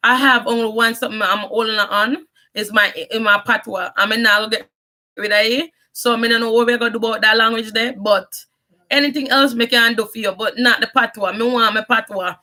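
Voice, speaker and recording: A woman's voice: on the high side, steady tone, brisk, bright, forceful tone. A young Jamaican woman with a strong Jamaican accent, telling her life story in a casual, rambling vlog, mixing in patois and often restarting her sentences. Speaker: vlogger.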